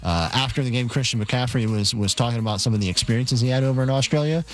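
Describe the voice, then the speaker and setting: A man's voice: mid-range voice, quick pace, soft background music. A man on a sports radio show introducing audio clips in a plain, matter-of-fact way.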